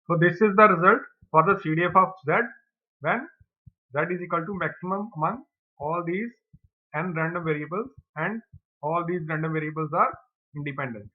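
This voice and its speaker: A man's voice: on the high side, moderate pace. Man explaining math on a tinny mic. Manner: steady, methodical step-by-step explaining. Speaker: teacher. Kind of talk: exam problem lecture.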